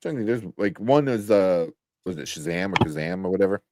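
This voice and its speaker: A man's voice: low-pitched, fast talker, noisy background. A man co-hosting a live podcast stream, chatting loosely and rambling with frequent laughs. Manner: rambling, animated, laughs often. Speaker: podcast co-host. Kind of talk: casual chat on a live stream.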